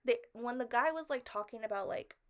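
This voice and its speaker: Rambling woman with a slightly high voice. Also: a little fast. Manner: rambling, fills with "like" constantly; puzzled, questioning. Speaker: vlogger reviewing a film. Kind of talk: casual spoken review.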